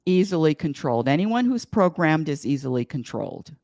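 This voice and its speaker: A woman who teaches happiness classes chats casually as an interview guest, her deep voice sing-song and a little fast, with no echo. She is emphatic, repeats her points and phrases, and breaks into sudden loud bursts.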